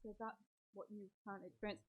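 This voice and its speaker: A woman's voice: medium pitch, flat delivery, a little fast, dull audio. A woman running a tabletop role-playing game as dungeon master, narrating the scene and questioning players in character.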